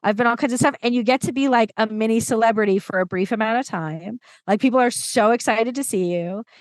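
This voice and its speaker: A woman storytelling coach chatting as a podcast guest, lively and enthusiastic with quick asides. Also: a little high, no echo. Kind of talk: casual conversation.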